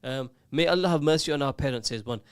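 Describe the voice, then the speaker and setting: Fast-talking man giving advice. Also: medium pitch, smooth. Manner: earnest, emphatic, lists points and repeats them. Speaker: radio show host. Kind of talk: advice-giving radio chat.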